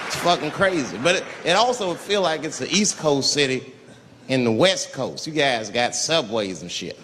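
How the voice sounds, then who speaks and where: A man doing stand-up, telling a profane story and acting out the characters with wild shouts. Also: medium pitch. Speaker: stand-up comedian. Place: comedy venue with live audience. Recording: live stand-up recording with crowd noise. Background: audience laughter.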